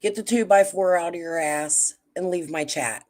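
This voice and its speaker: A woman's voice: lowish voice, moderate pace, a little mellow. A woman hosting a casual livestream, chatting bluntly and cussing freely with her viewers. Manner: blunt, profane, talks straight to chat. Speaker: livestream host.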